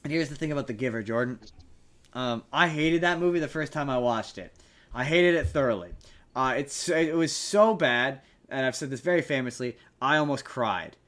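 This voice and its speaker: A man's voice: medium pitch, expressive, normal speed, fairly bright tone. A man hosting a casual podcast chat, chatty, teasing and rambling. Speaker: podcast host.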